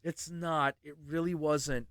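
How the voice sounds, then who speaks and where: This man hosts a show and speaks slowly, his voice on the high side, in a dry recording. He swears his way through a casual story, animated, doing voices for each character.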